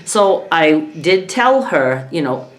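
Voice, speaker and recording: A woman's voice: low voice, sing-song, slow. A middle-aged woman talking frankly to her viewers in a casual vlog, exasperated and often laughing. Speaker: vlogger, caregiver of her mother. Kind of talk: casual talk to camera.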